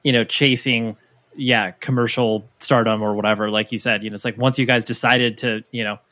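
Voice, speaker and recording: Podcast host asking meandering questions. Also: male voice, medium pitch, fairly even intonation, a little fast, pushed and bright. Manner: meandering questions full of fillers. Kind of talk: casual podcast interview.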